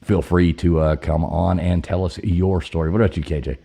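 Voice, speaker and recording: Male call-in host, very deep and dark-toned, animated, rambling delivery. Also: fairly quick, gravelly. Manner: rambling, with many fillers, loose and animated. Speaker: host of a live call-in show. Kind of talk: casual chat and storytelling.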